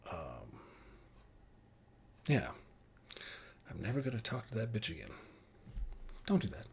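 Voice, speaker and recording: A man's voice: medium pitch, slight background noise. A middle-aged man ranting casually to his daughters in a rambling way, full of fillers and restarts. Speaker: vlogger speaking to his daughters. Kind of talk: casual rambling rant to camera.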